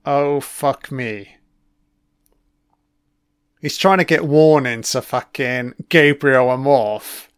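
A man's voice: medium pitch, slow, long pauses, smooth, dry recording, clean studio sound. A man giving a casual first-watch film commentary, reacting with profane, sarcastic remarks.

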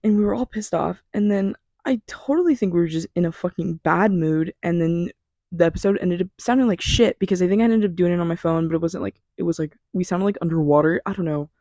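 A woman's voice: fairly low pitch, mellow, no echo. A young woman hosting her own podcast alone from her bedroom, chatting in a scattered, self-deprecating way and swearing casually. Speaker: podcast host. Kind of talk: rambling solo podcast chat. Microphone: small mic.

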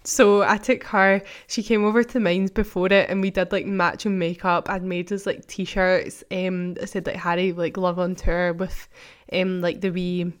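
A woman's voice: fairly low pitch, flat delivery, moderate pace. Young woman, casual vlogger, rambling chatty storyteller who leans on "like". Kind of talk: casual catch-up vlog.

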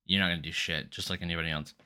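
A man's voice: low voice, very fast, clean tone. A man hosting a solo podcast, telling a story in a rambling, profane and exasperated way. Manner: animated, exasperated. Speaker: podcast host.

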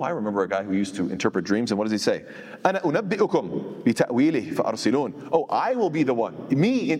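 Man, Quran teacher, rapid-fire delivery, mid pitch, recites Arabic then explains, repeats himself, long reverb. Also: a little mellow. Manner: repeats words and restarts often. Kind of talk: tafsir lecture.

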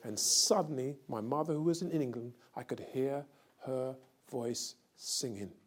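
An older man preaching a sermon, telling a story slowly and then building to loud, fervent preaching. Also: mid-range voice.

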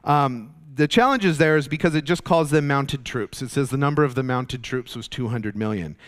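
A man leads a Bible study in a casual, explanatory manner, often pausing with fillers and restarting his sentences. His voice is smooth and resonant, sitting at an ordinary middle pitch. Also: a bit bright. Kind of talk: conversational Bible teaching.

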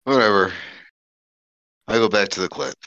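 A man's voice: lowish voice, lively intonation, moderate pace, fairly bright tone, no room sound. A man playing in a tabletop game, talking in a casual, slangy way. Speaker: player. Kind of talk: in-character tabletop chat. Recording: dull dry lo-fi sound.

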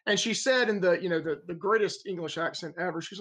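A man with a high, bright voice talks casually on a film podcast. He rambles through his stories with plenty of "you know" and restarts, lifting his voice when he quotes people. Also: fast, hardly any pauses. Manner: rambling, animated storyteller with many fillers. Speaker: podcast co-host.

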